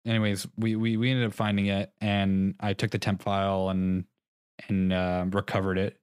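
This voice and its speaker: Young man, podcast co-host, low-pitched, rambling casual talk, dry close sound. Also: level tone, moderate pace, smooth, no echo. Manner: rambling, self-mocking, laughs often. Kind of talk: casual chat.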